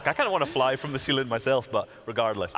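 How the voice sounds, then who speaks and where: A man's voice: medium pitch, quick pace, crowd noise. A Scottish man working as an analyst, joking and self-deprecating in live broadcast banter. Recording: echoey hall with long reverb.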